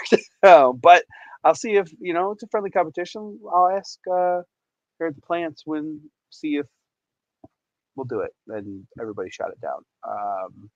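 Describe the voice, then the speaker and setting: A man's voice: mid-range voice, no echo, low-quality recording. A man hosting a casual livestream, chatty and rambling, laughing often and reading out chat messages. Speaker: livestream host.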